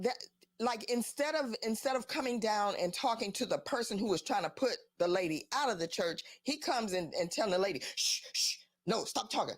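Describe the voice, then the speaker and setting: A woman hosting her own live show, talking in a middle-pitched voice. She riffs casually and animatedly, piling up incredulous rhetorical questions. The sound is dry and close, with no room around it. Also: no room sound. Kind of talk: casual commentary.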